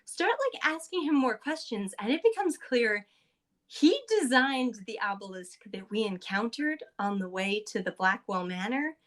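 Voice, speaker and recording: A woman's voice: on the high side, lively intonation, normal speed, fairly bright tone. A woman podcast co-host casually recapping a tabletop game session, chatty and loose with lots of fillers.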